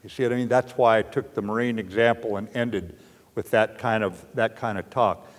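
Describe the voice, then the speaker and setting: A man's voice: fairly low pitch, steady tone, moderate pace. An older man with an American accent, a retired general giving a storytelling lecture with plainspoken, blunt anecdotes and dry humor. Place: lecture hall. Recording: lecture hall with long reverb.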